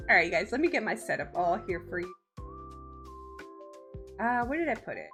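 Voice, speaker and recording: A woman's voice: medium pitch, sing-song, normal speed, long pauses, a bit bright, soft background music. A young woman streaming from home, chatting casually with her viewers, giggling often and swearing freely. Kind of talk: casual live-stream chat.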